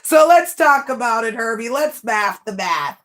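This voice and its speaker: A woman's voice: a little high, lively intonation, measured pace, background noise. Brash american lady ranting on her livestream, blunt and mocking. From United States. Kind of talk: casual livestream chat.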